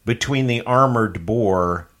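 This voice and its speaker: A man's voice: medium pitch, slow, a bit bright. A man playing a tabletop game, eager and playful. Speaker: player.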